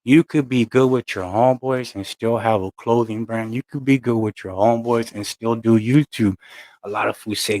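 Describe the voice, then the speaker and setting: A young man from talks loosely to his viewers, full of street slang and rambling asides. His voice sits at an ordinary middle pitch and is recorded close and dry, with no room sound. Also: fairly even intonation, normal speed, a little mellow, no echo. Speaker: channel host. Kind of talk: casual chat to camera.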